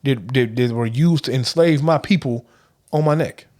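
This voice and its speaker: A man in his thirties co-hosting a podcast, insistent and animated, calling his friend "bro.". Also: mid-range voice, normal speed. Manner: animated, argumentative, says "bro". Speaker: podcast co-host. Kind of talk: casual chat.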